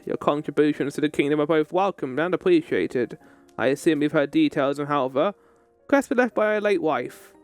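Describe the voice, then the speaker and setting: A streamer voicing an aging king who is solemn and failing, reading his game lines in a deep, slow, regal voice. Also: smooth, close to an everyday voice.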